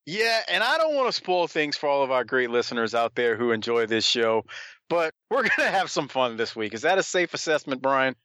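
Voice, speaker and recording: A man's voice: medium pitch, big pitch swings, fairly quick, sharp tone, no echo. A man hosting a podcast in friendly, casual chat, often chuckling. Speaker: podcast host.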